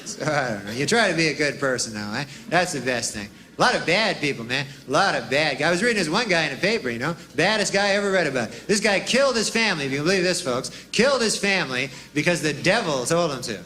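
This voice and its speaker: A man doing a stand-up routine in a drawling, deadpan way, with rambling asides. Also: on the high side, fast talker, few pauses. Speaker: stand-up comedian. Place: comedy stage before a live audience. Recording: live club recording with audience laughter and noise.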